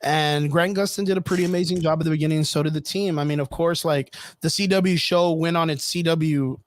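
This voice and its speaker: A man's voice: on the high side, steady tone, a little fast. A man co-hosting a casual podcast chat, talking bluntly and emphatically, with plenty of swearing. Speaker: podcast co-host.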